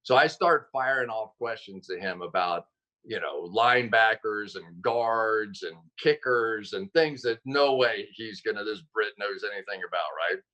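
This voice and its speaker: A man telling stories as a guest on a video call, animated and quick to correct himself mid-sentence. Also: fairly low pitch, muffled recording. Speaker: guest, football analyst. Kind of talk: casual interview chat.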